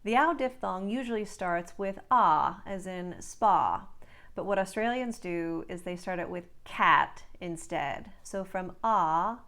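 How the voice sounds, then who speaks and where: A woman's voice: on the low side, takes it slowly, a bit bright. A woman accent coach giving a scripted lesson, carefully enunciating drill words and phrases.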